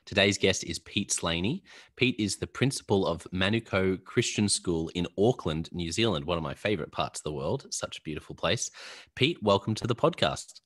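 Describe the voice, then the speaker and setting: A man's voice: sits low, expressive. Chatty Australian man hosting a podcast. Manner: chatty, laughs often, quick asides. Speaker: podcast host. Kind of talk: casual podcast interview.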